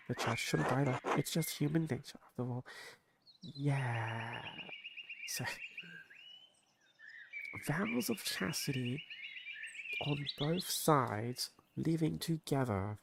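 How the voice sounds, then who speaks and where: A man comments on a story game as he plays, slipping into joking, rambling asides. His voice has a gravelly, fry-laden edge. A clear, steady noise sits under the recording, mixed with game birdsong. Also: medium pitch, a little slow. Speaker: streamer.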